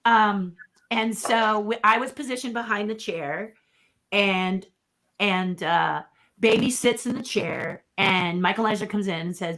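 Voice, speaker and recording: A woman's voice: medium pitch, measured pace, fairly bright tone. A middle-aged woman who is a puppeteer, telling stories as a guest in a casual interview. She acts out quotes and laughs often.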